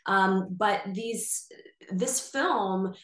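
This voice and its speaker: A woman guest on a podcast interview, telling stories with eager, animated enthusiasm. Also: mid-range voice, very slow, roomy sound. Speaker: actress guest.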